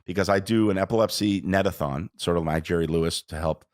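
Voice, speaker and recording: Deep-voiced enthusiastic man. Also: fast talker, darkish tone, dry recording, clean studio sound. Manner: enthusiastic and heartfelt. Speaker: podcast guest. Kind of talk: casual podcast chat.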